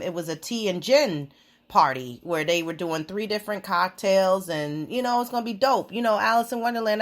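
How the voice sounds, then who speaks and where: A woman in her thirties hosting a podcast, telling stories in a casual, profane way and mocking the people she quotes. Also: fairly low pitch. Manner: profane, animated storytelling with mocking quoted voices. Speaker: podcast host. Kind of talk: casual explicit monologue.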